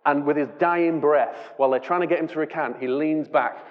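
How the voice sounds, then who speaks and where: Chatty English preacher in a reverberant hall. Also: male voice, on the high side, fairly quick, muffled recording. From England. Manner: casual, chatty and self-deprecating, with repeated restarts. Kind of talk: sermon. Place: church hall.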